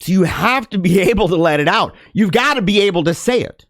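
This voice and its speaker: Guy ranting like a preacher, high voice that swoops all over, laughs a lot, dry close sound. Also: animated, a little fast, dry recording. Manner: preachy, dramatic, laughs often, swings from loud to hushed. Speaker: podcast host. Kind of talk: impassioned monologue.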